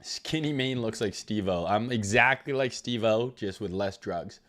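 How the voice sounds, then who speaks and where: While recovering from being ill, a man hosts a crypto trading livestream in a fairly low, fairly bright voice at a moderate pace. He keeps the chat loose and full of profanity, greeting viewers by reading their names aloud.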